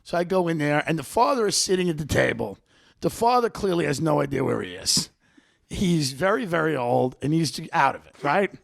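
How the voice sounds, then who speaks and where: A man in his thirties spins a comic story as a podcast host, brash and profane. His voice is high and swings widely in pitch, with a gravelly rasp running underneath. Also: lively intonation, fairly quick.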